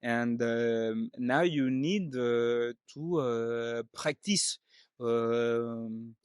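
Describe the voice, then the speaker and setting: A man voicing a middle-aged French father with a put-on French accent, speaking halting broken English full of fillers. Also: mid-range voice, clear, resonant tone, dry recording, clean studio sound. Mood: earnest.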